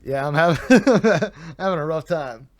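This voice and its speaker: A man on a late-night live stream, sounding worn out as he works through a pile of online drama. His voice sits a little high for a man, and he keeps slipping into sardonic asides, swearing and laughing at what he reads. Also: animated, unhurried, slight background noise. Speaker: streamer reading drama threads. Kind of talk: casual live-stream commentary.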